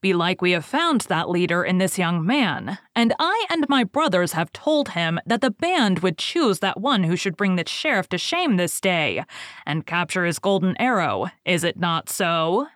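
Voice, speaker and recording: Stout earnest outlaw, read by a woman, slow formal address, low voice, dry sound. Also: sing-song, a bit bright, no room sound. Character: stout, earnest male outlaw band member.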